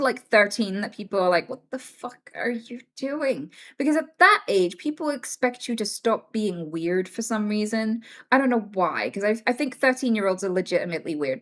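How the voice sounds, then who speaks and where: A woman's voice: medium pitch, a bit bright. A young British woman chatting casually on a livestream, frank and swearing freely as she tells stories.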